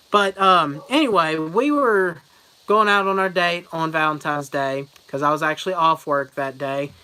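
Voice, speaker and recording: A young man telling rambling stories in a casual vlog, laughing often and slipping into loud mocking voices. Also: fairly high pitch, normal speed, smooth, rough recording. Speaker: vlogger.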